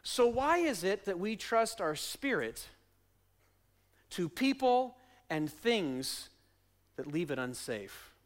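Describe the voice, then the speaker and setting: Man, pastor, high voice, sermon, repeated refrains, soft-to-loud swings. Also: big pitch swings, takes it slowly, long pauses. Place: church sanctuary.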